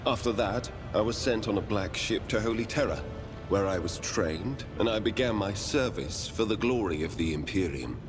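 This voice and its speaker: Man playing a reserved psychic noble, very low voice, echoey reverb, music behind. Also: lively intonation, natural voice. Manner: measured, reserved. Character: aloof male psychic noble-born adept.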